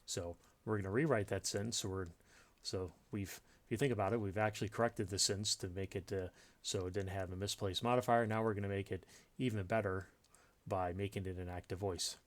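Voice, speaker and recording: Low-voiced man teaching grammar. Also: steady tone, fairly quick. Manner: unscripted, thinking aloud with many fillers and restarts. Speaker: writing teacher. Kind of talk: explaining grammar in a recorded lesson.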